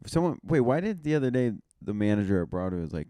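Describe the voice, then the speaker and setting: A man's voice: medium pitch, sing-song, fast, dark tone, clean tone, no room sound, clean studio sound. A young man co-hosting a podcast in casual chat, laid-back, chiming in with short replies and stories. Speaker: podcast co-host.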